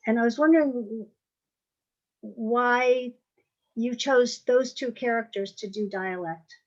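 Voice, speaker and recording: Lady hosting a book talk q&a, lots of ums, muffled lo-fi audio. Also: a little high. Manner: halting, with many fillers. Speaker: event moderator. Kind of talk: moderating an author Q&A.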